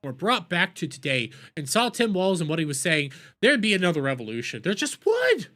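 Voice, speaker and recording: A man's voice: high voice, huge pitch swings, fairly quick, sharp tone. A man ranting profanely in a heated, mocking commentary as a streamer reacting to videos.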